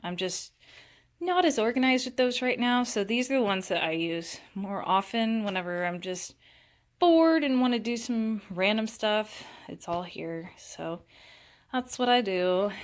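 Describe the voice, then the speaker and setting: A woman's voice: mid-range voice, animated, a little slow. A young woman chatting casually as she shows her art supplies, full of fillers and restarts. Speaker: vlogger giving a studio tour. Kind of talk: casual chat.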